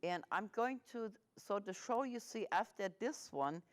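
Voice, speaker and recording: A woman hosting a casual interview in a small TV studio, rambling and halting with many restarts. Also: medium pitch, expressive. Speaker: host.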